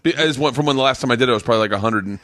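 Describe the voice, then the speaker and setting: A man's voice: medium pitch, racing, a little hiss or hum. A man hosting a casual comedy podcast, joking around and laughing often as he talks. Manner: joking, laughs a lot, lively delivery. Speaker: podcast host. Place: hotel room.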